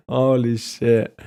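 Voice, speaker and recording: Slow-talking young man streamer cursing. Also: mid-range voice, mellow, smooth. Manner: profane, joking, tries out accents. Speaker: streamer reacting to videos. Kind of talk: casual reaction commentary.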